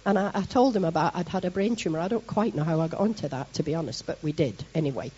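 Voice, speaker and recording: A middle-aged Scottish woman preaches with a husky, breathy edge, talking to the congregation like old friends and making fun of herself along the way. The recording sounds dull and muffled. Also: deep voice, fast talker. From Scotland. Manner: lively, chatty and self-mocking, with asides to the congregation. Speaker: church leader preaching. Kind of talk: sermon.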